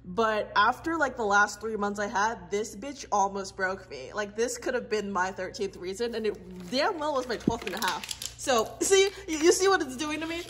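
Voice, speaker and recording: A woman's voice: mid-range voice, moderate pace, a bit bright, a little hiss or hum. A woman in her twenties giving a chatty, playful tour of her art studio, with giggly asides, recorded on a phone indoors. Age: 20s. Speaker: vlogger and illustrator. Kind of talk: casual studio tour vlog. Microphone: phone camera mic.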